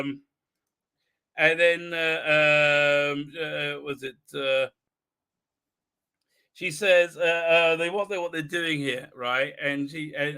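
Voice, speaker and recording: A man's voice: fairly high pitch, clean tone. A man hosting a casual live stream, rambling through a recap with profanity, sarcasm and lots of fillers. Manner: acts out characters' lines in shouted voices. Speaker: live-stream show host.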